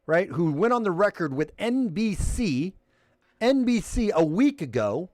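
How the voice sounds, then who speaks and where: A man hosts a livestream call-in show, his pitch swinging widely as he rants. He swears freely and reads the chat aloud. The sound is dry and close, with no room around him. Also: very animated, measured pace, a little mellow, dry recording. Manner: heated, profane, reads viewer chat aloud. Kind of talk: ranting livestream commentary.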